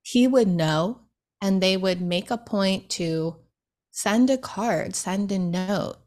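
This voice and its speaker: A young adult woman speaking as a guest in an interview, earnest and reflective, with soft laughs and filler words. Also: medium pitch, slow. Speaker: podcast guest. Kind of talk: heartfelt interview conversation.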